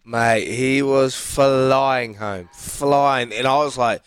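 A man's voice: mid-range voice, takes it slowly, hardly any pauses, a bit bright, smooth, no echo. A man with a New Zealand accent co-hosting a radio show, chatting enthusiastically in a matey way about racing and sport. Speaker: radio co-host. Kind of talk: casual sports chat.

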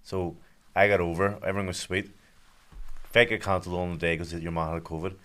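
A man's voice: low voice, steady tone, a little fast, a bit bright. A man with a Belfast accent, a podcast guest chatting casually in a blunt, sweary, self-mocking way. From Northern Ireland. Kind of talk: casual chat.

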